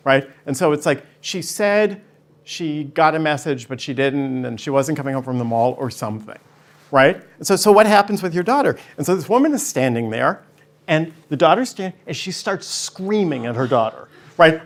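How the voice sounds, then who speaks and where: Male guest speaker, slightly high, energetic storyteller who does the voices. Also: brisk. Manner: energetic, acts out voices when telling stories. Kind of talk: animated storytelling talk.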